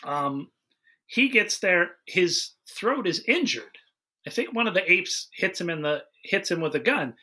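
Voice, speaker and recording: Blunt male podcast host, bright slightly high tone, dry sarcasm. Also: expressive, a little slow. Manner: blunt, sarcastic, acts out quotes. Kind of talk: casual comedic chat.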